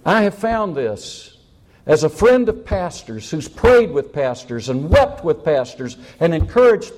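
Impassioned older male preacher, lively pitch. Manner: impassioned, repeats lines for emphasis, rhetorical questions. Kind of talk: sermon.

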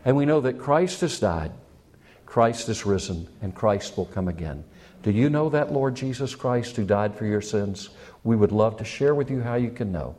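A man's voice: on the low side, animated, moderate pace, darkish tone. A man preaching a sermon as pastor, building up with rising questions and impassioned appeals.

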